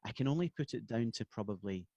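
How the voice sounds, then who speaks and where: Scottish male guest, low-pitched, loose and chatty with restarts, dry call audio. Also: animated, fast, dark tone, husky, dry recording, highs cut off. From Scotland. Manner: rambling, many restarts, laughs easily. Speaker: guest musician. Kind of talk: casual podcast chat. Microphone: video call.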